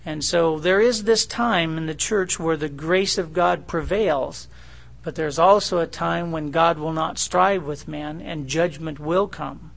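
A man's voice: on the high side, vocal fry, fairly bright tone. A man preaching a sermon in a conversational way, with fillers and asides. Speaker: pastor.

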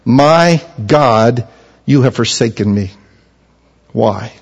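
A man preaching a sermon who swings from low, quiet explanation to loud, impassioned passages. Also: lively intonation, slow pace, creaky, muffled recording. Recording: long hall reverb.

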